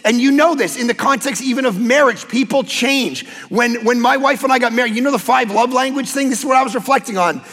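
A man preaching a sermon as pastor, telling lively personal stories and acting out quotes. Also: very high voice, brisk, few pauses, in a large hall. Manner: animated storytelling with acted-out quotes.

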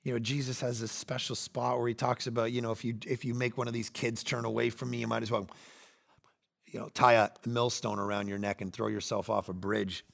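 A man in his forties preaching a sermon, animated, swinging between loud bursts and hushed asides. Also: mid-range voice, a little fast, vocal fry. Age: 40s. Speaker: pastor.

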